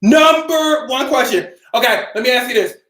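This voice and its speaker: A woman hosting a casual live stream, upbeat and greeting her viewers by name, sometimes calling out loudly. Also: sits high, expressive, normal speed. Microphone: camera mic. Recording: roomy echo.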